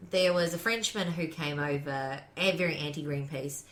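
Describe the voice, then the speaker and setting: A woman's voice: deep voice, normal speed, a bit bright. A woman in a casual podcast chat, explaining a story in a chatty, interrupting way. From New Zealand. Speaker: podcast guest.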